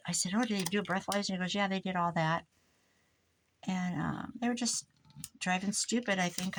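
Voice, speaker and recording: Older woman, grandmother, casual crafting chat, rambling, home craft room, noisy recording. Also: fairly low pitch. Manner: rambling, chatty, jumps between stories. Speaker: crafting vlogger.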